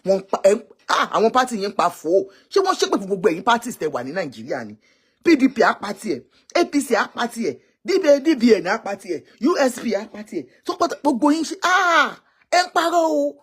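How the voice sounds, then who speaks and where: Animated, scolding Nigerian woman. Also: a little high, fast, breathy edge. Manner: scolding, exclamatory, switching languages. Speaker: live-stream commentator. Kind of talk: animated political commentary.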